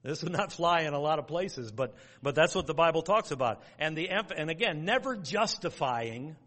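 A man delivers a sermon in a plain, folksy manner, moving through lettered points and quoting old scripture. His voice sits a little high for a man. The sound carries a long reverb from the church hall. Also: expressive, normal speed, a bit bright. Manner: folksy, outline-driven preaching with quoted scripture. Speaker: pastor.

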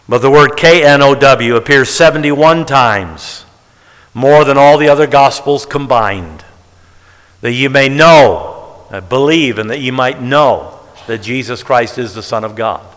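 A man preaching in a sermon style, leaning hard on key words as he works through counts. His voice sits at an ordinary middle pitch and carries a long reverb from a large hall. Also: fairly bright tone. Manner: emphatic, counting out word tallies with stress on key words. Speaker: preacher teaching the Bible. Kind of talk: sermon-style Bible teaching.

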